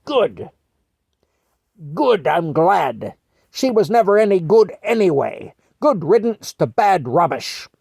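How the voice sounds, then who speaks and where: A man voicing a cranky older British woman who gloats and bossily orders someone away, with a shrill, insistent British accent. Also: very animated, slow, creaky, a little mellow, breathy edge, dry recording, clean studio sound, exaggerated voice. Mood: gloating.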